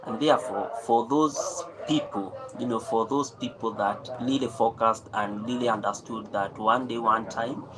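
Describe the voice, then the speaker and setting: A man's voice: medium pitch, moderate pace, hardly any pauses, noisy background. A man hosting a live stream, talking off the cuff in a rambling way, full of fillers and repeated phrases. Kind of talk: unscripted talk on saving.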